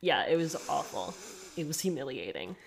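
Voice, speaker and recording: A woman's voice: deep voice, sing-song, gravelly, very noisy. A young woman co-hosting a podcast in casual chat, joking and laughing as she riffs. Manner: playful, riffs with jokes and quick laughs. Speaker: podcast co-host.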